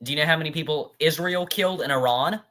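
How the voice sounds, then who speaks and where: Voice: mid-range voice, quick pace, pushed and bright. A political commentator with a mid-range voice rants over a played speech. The delivery is heated and scornful, speaking straight at the speaker as if face to face. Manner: ranting, addresses the speaker directly, scornful.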